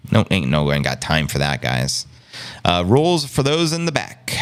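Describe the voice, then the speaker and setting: A man with a New York-area accent hosts a live stream, reading the chat aloud and calling viewers family with loud enthusiasm. His voice is smooth and resonant, and his pitch swings up and down with each line. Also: normal speed. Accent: New York City area. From Long Island, New York. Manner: animated, hype-filled, talks to viewers as family. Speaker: livestream host reading chat.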